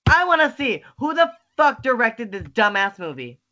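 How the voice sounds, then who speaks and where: A young adult on a webcam video call, ranting and swearing constantly, bursting into shouts and cry-like laughter. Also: mid-range voice, sing-song, moderate pace, lo-fi sound. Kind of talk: casual profane rant.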